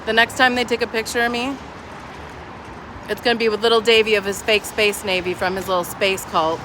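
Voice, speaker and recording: A woman's voice: mid-range voice, fairly even intonation, fairly quick. A woman livestreaming on a phone outdoors, chatting casually in a mocking, sarcastic way. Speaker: livestreamer at a street protest. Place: outdoors on a city street. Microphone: phone held while streaming. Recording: outdoor street noise with passing traffic.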